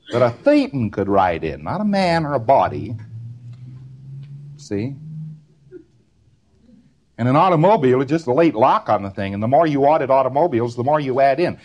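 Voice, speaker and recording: A man's voice: medium pitch, darkish tone. A man giving a recorded lecture, rambling and repeating words in rhythmic runs, often ending on a tag question.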